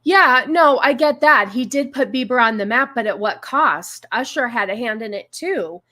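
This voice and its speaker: A woman's voice: on the high side, lively intonation, normal speed, pushed and bright. A woman hosting a casual live stream, greeting viewers and musing aloud with many fillers and restarts. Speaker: stream host.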